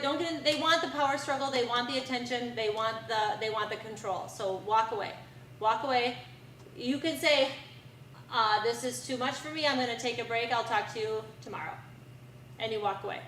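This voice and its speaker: A woman's voice: a little high, a bit bright, slight background noise. A middle-aged woman giving a community presentation to parents, earnest and repetitive with frequent ums. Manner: earnest, repeats key advice, many ums. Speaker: presenter on bully prevention. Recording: echoey room from far off.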